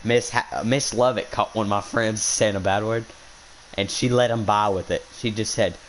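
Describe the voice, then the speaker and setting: A man's voice: fairly low pitch, steady tone, normal speed, slight background noise, low-quality recording. A young man outdoors on a hunt, casually telling an indignant, rambling story with lots of restarts. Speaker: hunting vlogger. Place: outdoors while hunting.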